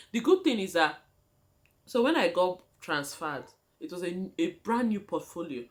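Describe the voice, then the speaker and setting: A young woman with a Nigerian accent telling a personal story on her vlog in an animated, dramatic way, often calling her viewers guys. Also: on the low side. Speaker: vlogger.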